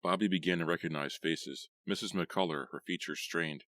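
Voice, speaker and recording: A man reading a horror audiobook in a measured, steady way. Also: sits low, dry recording. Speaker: audiobook narrator. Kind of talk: scripted horror audiobook narration.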